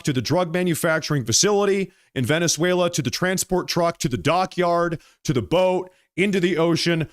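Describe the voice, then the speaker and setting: A man hosting political commentary, ranting heatedly and firing off repeated rhetorical questions. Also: a little high.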